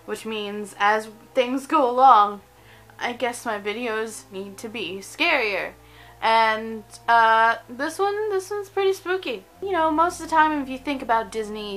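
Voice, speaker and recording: A young woman in her twenties hosting a casual countdown vlog, chatty and animated, often giggling between points. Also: on the high side, rough recording. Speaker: video host.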